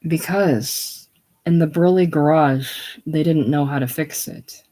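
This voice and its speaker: A reader voicing a gentle, devoted young woman in a casual play reading, with soft, tender delivery. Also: medium pitch, slow pace.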